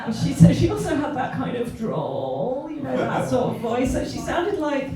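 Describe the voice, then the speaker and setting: A woman's voice: high-pitched, big pitch swings, moderate pace. A young English woman with a posh southern English accent doing a stand-up comedy set in a club, with a wry, self-deprecating delivery and dry asides. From England. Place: comedy club in front of a live audience. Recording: distant, echoey club recording with loud audience noise. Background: audience laughter.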